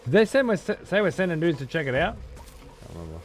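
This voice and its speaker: A man's voice: on the high side, wildly swooping pitch, a little fast, a little hiss or hum. A young man giving casual, profane commentary while playing a game and thanking viewers. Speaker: let's play streamer.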